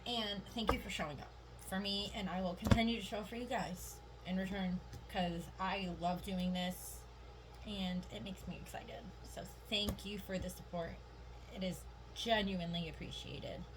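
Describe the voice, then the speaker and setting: A woman's voice: medium pitch, steady tone, moderate pace, noisy background. A woman giving a casual tarot reading to her viewers. She talks in a rambling, upbeat way, laughs often and says "like" a lot. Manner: chatty and rambling, heavy use of "like"; giggly, upbeat and encouraging. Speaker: tarot reader.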